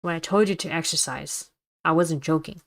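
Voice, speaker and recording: A woman's voice: sits low, moderate pace. A woman reading a chatty, insistent male school nurse. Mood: stern. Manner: friendly but insistent, lecturing. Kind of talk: reading a visual novel aloud.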